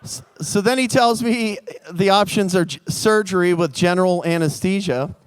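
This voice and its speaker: High-voiced man telling a comic story. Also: moderate pace, clean tone, dry recording. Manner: animated, comic, acts out the scenes. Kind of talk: live storytelling.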